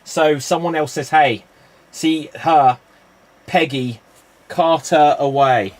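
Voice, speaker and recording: A man hosting a live improv joke round, and he takes his time, drawing out each setup and calling on players one by one. His voice sits a little high for a man, and he chuckles easily between turns. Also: steady tone, slow pace. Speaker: improv show host.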